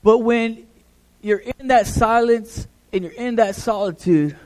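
A man's voice: extremely high pitch, a little slow, a little mellow. A middle-aged man, a pastor, preaching a conversational sermon, repeating words as he builds emphasis.

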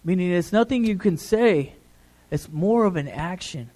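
A middle-aged man preaching a sermon in a relaxed, conversational way, often checking in with the congregation. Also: high-pitched, normal speed. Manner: conversational, repeats "right?" to the congregation.

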